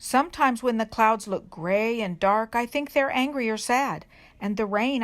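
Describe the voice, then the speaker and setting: A woman with a somewhat high voice reads a picture book to children. She is gentle and unhurried, and she stops on each question to let the young listeners think. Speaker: reader at a children's worship service.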